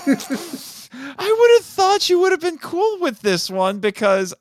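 A man's voice: very high-pitched, sing-song, takes it slowly. A man co-hosting a podcast in casual, joking chat, laughing often. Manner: jokey, playful, laughs often. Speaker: podcast co-host. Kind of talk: casual chat reviewing a tokusatsu show.

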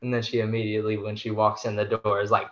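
A man's voice: on the low side, monotone, fast, fairly bright tone. A man guesting on a podcast, retelling a story in a laid-back, slangy way. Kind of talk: casual literary discussion. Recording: dull, lo-fi remote audio.

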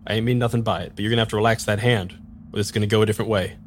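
Tense male outlaw, put on by a game master, placating, quick, tabletop game. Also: on the low side, fairly even intonation, slight background noise, natural voice.

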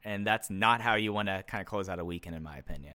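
A man's voice: deep voice, fast talker, sharp tone, smooth, no echo. A man co-hosting a podcast, chatting casually and with strong opinions, often restarting his sentences. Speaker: podcast co-host. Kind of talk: casual chat reviewing a wrestling show.

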